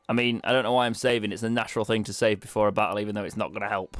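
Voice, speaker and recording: A young British man with a fairly low voice talks through his gameplay in a chatty, wry way, poking fun at himself as he goes. The sound is dry and close to the mic, with faint game music underneath. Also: steady tone, very fast, few pauses, a bit bright, no room sound. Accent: British English. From Britain. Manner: chatty, wry, self-mocking asides. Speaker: let's play streamer. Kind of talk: casual gameplay commentary.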